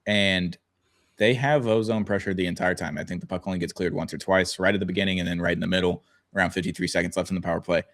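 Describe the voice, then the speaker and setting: A man's voice: sits low, fairly even intonation, quick pace, a bit bright. A young man co-hosting a sports podcast, rambling and joking with casual swearing. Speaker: podcast co-host.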